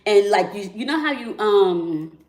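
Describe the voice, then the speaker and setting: Speaking unhurriedly in a mid-range, slightly mellow voice with lively intonation, this spiritual relationship host keeps things conversational. Fillers abound, along with "right?" and "okay?" tags, and the recording sounds roomy.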